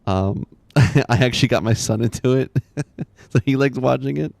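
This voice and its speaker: A man's voice: medium pitch, normal speed, vocal fry, darkish tone, dry recording. A man in his thirties chatting casually while streaming a game, rambling, laughing often and muttering to himself.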